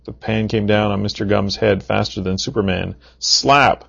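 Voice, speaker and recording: Gravelly man reading a storybook. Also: fairly low pitch, fairly quick. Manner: playful, deadpan asides. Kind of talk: reading a children's story aloud. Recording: dull lo-fi recording.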